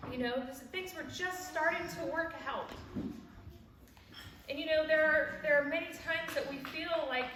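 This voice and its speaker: At normal speed and with a high voice, a woman in her forties tells a warm personal story at a church event, laughing at herself and acting out quoted voices on her way to a devotional message. The recording is from a distance in an echoey church hall with background noise.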